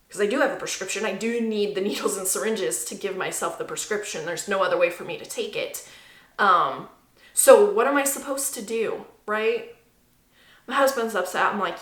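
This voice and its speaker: A woman's voice: medium pitch, expressive, normal speed, a bit bright. Indignant woman ranting in echoey room. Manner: indignant, emphatic, repeats herself. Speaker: vlogger. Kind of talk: angry personal rant to camera.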